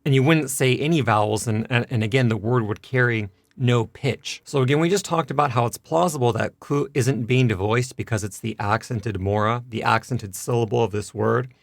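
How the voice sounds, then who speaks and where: A man teaching pronunciation in a patient explanatory lesson, slowing down to demonstrate words. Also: mid-range voice, vocal fry, no echo. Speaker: language teacher.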